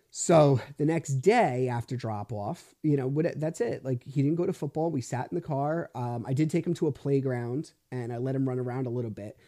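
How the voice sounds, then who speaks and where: A podcast host with a sore back records a solo monologue while lying in bed at home, so the sound is dry and close with no echo. Frustrated, he swears freely as he tells his story, though his voice stays mellow, relaxed, and ordinary in pitch.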